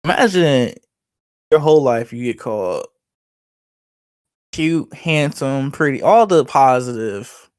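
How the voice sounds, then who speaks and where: A young man co-hosting a podcast in casual, animated chat, full of "like" and swearing. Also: medium pitch, takes it slowly, pauses often, clear, resonant tone, no room sound. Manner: animated, swearing, laughing, lots of "like". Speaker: podcast co-host.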